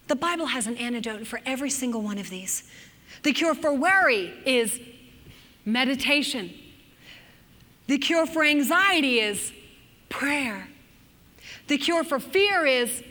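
A woman delivers a sermon to a women's group, with a high, bright voice. She is animated and dramatic, acting out anxious and angry voices. The sound carries a long hall reverb. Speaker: women's Bible teacher.

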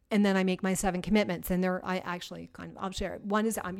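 A woman giving a conversational Christian teaching to women, energetic and emphatic, stacking repeated phrases and asking her listeners direct questions. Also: mid-range voice, fast talker, hardly any pauses. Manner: energetic, repetitive, emphatic lists.

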